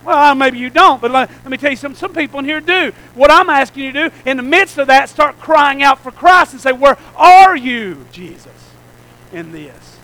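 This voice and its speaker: A man's voice: very high-pitched, fast talker, few pauses, bright, forceful tone, poor audio. A man preaching a sermon as pastor, calling out rhetorical questions to the congregation.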